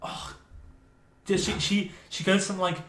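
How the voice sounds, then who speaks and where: Animated man talking in an echoey room. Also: high voice, measured pace. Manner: animated, searching for words, many fillers. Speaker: podcast co-host. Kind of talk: casual chat.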